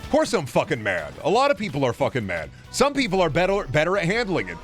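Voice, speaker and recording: A male streamer in a heated, profanity-laden rant, his voice slightly high and swinging widely up and down. He sounds exasperated and worn out. Faint music plays behind him. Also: huge pitch swings, fast talker. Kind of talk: angry live-stream rant.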